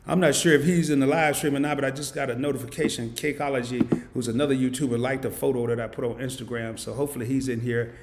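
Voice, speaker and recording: A man's voice: mid-range voice, fairly even intonation, fast, few pauses, a little hiss or hum. Man hosting a live stream in an echoey room. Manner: reads viewer comments aloud and answers them; emotional, heartfelt thanks. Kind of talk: casual live stream chat.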